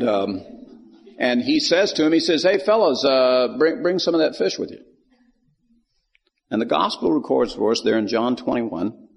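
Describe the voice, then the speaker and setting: A man teaches scripture in a relaxed, folksy storytelling way, acting out the lines of the people in the story. His voice is gravelly and a bit husky. It rings in a hall with a long echo. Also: mid-range voice, lo-fi sound. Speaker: Bible teacher. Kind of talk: Bible teaching.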